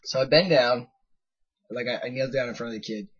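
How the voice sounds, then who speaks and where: A young American man in his twenties tells a loose, wandering anecdote in a slightly husky voice. He keeps interrupting himself, working things out aloud and jumping into quoted voices. The recording is dull and lo-fi. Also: mid-range voice, a little fast. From United States. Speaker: vlogger. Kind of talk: casual storytelling.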